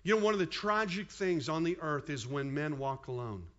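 Pastor, male, 50s, high voice, chatty sermon delivery, slightly dull recording. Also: normal speed. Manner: animated, conversational preaching with asides.

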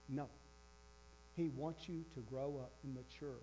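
Male preacher, emphatic, repetitive, mellow, dull lo-fi recording with faint hum. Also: mid-range voice, fairly even intonation, measured pace, pauses often. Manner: emphatic, repeating key phrases. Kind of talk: sermon.

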